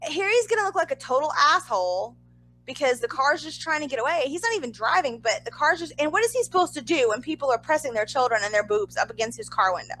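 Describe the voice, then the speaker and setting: A young woman chatting on a podcast as co-host, her voice high and bright. She tells a story with big swings in pitch and throws in exasperated asides. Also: very animated, fast talker, slight background noise, low-quality recording. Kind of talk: casual podcast chat.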